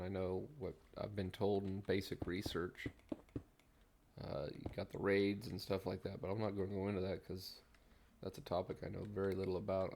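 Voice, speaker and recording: A middle-aged man streaming a game, talking in a mellow, rambling way and humming to himself while he builds, recorded at a desk mic. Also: sits low, vocal fry, noisy background. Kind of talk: relaxed gameplay commentary.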